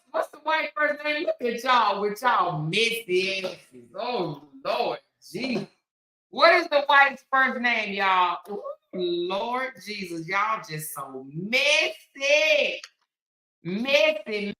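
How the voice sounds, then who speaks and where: A woman talking casually to her viewers as a host, speaking in with animated, dramatic exclamations. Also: on the high side, slow, reverberant, low-quality recording. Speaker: commentary livestream host.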